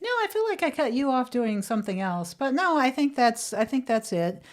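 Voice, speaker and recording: A woman's voice: a little high, big pitch swings, moderate pace. A woman co-hosting a podcast in casual chat, playful and teasing, laughing often. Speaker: podcast co-host.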